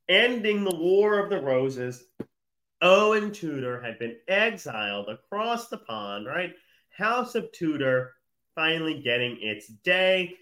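A man in his thirties hosts a live morning talk show in a loose, rambling monologue. He teases, laughs often, and his voice has a bright, forward edge at an ordinary male pitch. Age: 30s.

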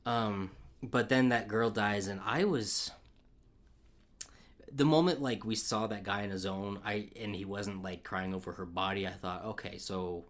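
A man co-hosting a casual film chat, excitable and rambling, with lots of fillers and restarts. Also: lowish voice, unhurried. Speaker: podcast co-host.

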